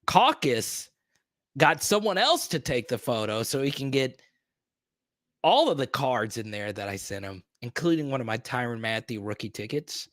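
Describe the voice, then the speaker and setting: A man's voice: medium pitch, very animated, normal speed, a bit bright, dry recording, studio quality. A man hosting a live stream in casual chat, playful and teasing, with a joking repeated "huh?".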